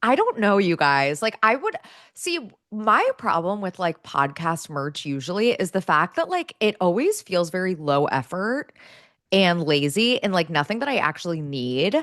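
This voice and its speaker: A woman's voice: on the low side, sing-song, normal speed, fairly bright tone, no room sound, studio quality. A woman co-hosting a podcast, upbeat and playful, laughing often in casual chat. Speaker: podcast co-host.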